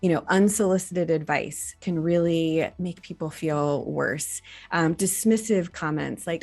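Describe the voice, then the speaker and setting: A woman doctor in her forties, giving an educational talk to camera in an earnest, gently instructive way. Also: lowish voice, a little slow, faint music behind. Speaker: reproductive endocrinologist.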